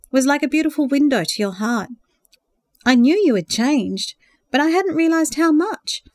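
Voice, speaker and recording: A woman voicing a hopeful, earnest young woman in love, speaking softly and a little higher than her narration. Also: animated, normal speed, dry recording, studio quality. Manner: earnest, emotional, sighing.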